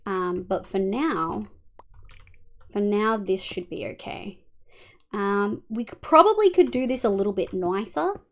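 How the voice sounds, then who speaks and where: A woman's voice: mid-range voice, animated, measured pace. Australian woman streaming a game, chatty. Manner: rambling, lots of ums, mutters while building. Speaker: livestreamer. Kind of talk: casual gameplay streaming, chatting with viewers.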